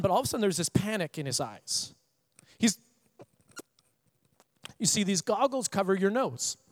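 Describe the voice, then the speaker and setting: A young pastor with a notably high voice tells animated, humorous stories from the pulpit. His sermon rings out in a large, reverberant hall. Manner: animated storyteller, quieter and earnest when preaching. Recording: echoey hall.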